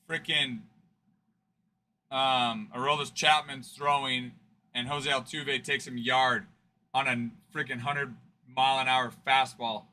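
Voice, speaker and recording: Bright-voiced man bantering with chat. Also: medium pitch. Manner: chatty, teasing banter, fond of the word 'frickin''. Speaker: card-breaking livestream host. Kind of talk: casual livestream chat with viewers.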